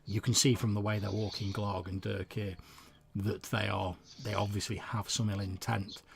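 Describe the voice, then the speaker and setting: Game master, male, gravelly low voice, measured scene-setting narration. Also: level tone.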